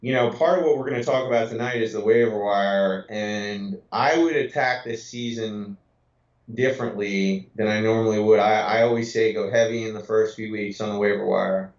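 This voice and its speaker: Relaxed male podcast co-host, lowish voice, echoey and muffled recording. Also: moderate pace. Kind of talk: casual sports chat. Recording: echoey, dull lo-fi sound.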